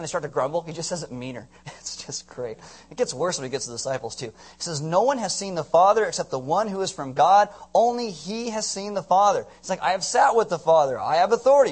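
A man preaching a sermon in an animated, joking way, often acting out quotes in put-on voices. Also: sits high. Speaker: pastor.

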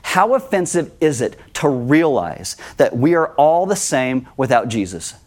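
A man's voice: medium pitch, sing-song, a little slow. A man preaching an earnest sermon as pastor, acting out the voices of the people he quotes.

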